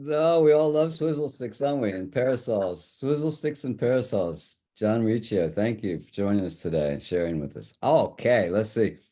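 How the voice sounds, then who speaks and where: A jovial male host chats between readers and keeps the livestream moving. His voice is low and mellow. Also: animated, normal speed, hardly any pauses. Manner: jovial, chatty. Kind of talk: livestream hosting.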